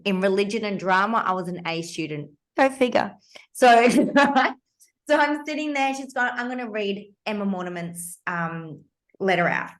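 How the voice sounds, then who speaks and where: Animated Australian woman in her fifties. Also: mid-range voice. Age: 50s. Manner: animated, emphatic, blunt, occasionally swears. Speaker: podcast host. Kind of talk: personal storytelling in a podcast conversation.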